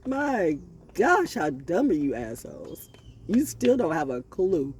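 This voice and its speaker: A man telling a rambling spiritual story outdoors, confrontational and animated, with laughing asides. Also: sits high, unhurried, a little hiss or hum. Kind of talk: rambling casual monologue.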